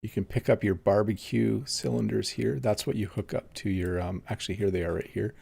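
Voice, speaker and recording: A man's voice: on the low side, fairly even intonation, brisk, gravelly, a little mellow, husky. A man teaching English on a casual live stream, chatting easily and reading viewer comments aloud while he plays a game. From Canada.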